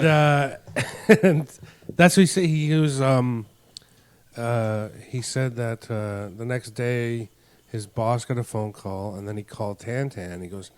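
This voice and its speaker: A man of ordinary pitch tells loose, winding stories in casual podcast chat. He slips in and out of the voices of the people he quotes and keeps the talk easygoing. His delivery is rambling and full of asides. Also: darkish tone. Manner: rambling anecdotes, acts out quoted dialogue. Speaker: podcast host.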